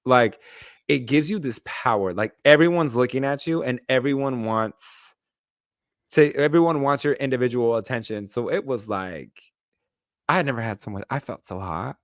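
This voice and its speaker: Lively guy cohosting a podcast, playful and emphatic, dead dry room. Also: medium pitch, moderate pace, dry recording. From Los Angeles. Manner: animated, playful, emphatic storyteller. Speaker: podcast co-host. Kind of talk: casual chat.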